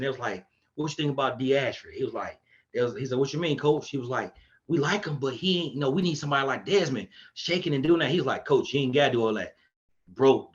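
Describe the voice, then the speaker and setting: Guy telling old football stories, gets loud doing other people's lines, kinda muffled lo-fi audio. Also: medium pitch. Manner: animated, acts out quotes in a raised voice. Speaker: podcast guest, coach. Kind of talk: casual storytelling chat.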